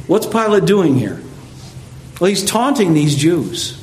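A man's voice: high-pitched, big pitch swings, a little slow, slight background noise. A man preaching a verse-by-verse sermon, explaining the text in a conversational way with frequent asides to the listeners. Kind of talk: expository sermon.

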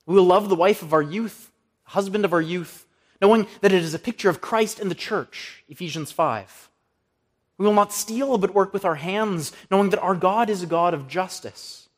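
A man's voice: high voice, moderate pace. A man preaching an earnest sermon from the pulpit, quoting scripture and naming the references.

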